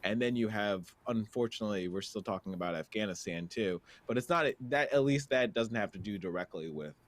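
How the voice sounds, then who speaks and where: A man co-hosting a casual news podcast, reading stories aloud with halting fillers. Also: fairly low pitch, dry recording. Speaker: podcast co-host.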